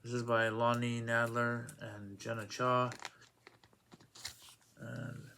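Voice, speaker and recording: Guy with a real gravelly voice chatting about comics, lots of uhs. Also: mid-range voice, level tone, slow, bright, forceful tone, a little hiss or hum. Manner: rambling, many "uh" fillers, acts out quoted lines in a raised voice. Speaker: comic book reviewer. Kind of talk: casual review monologue.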